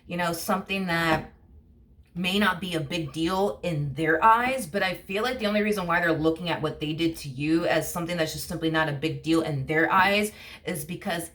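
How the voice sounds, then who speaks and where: A woman giving a casual tarot reading to camera, rambling and full of fillers like "you know what I mean". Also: fairly low pitch. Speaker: tarot reader.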